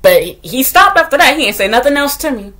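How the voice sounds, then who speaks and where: A woman, a substitute teacher, telling a story to the camera as a casual rant, blunt and full of slang and swearing, getting loud as she recalls scolding. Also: sits high, a little fast. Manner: animated, gets loud when retelling scolding.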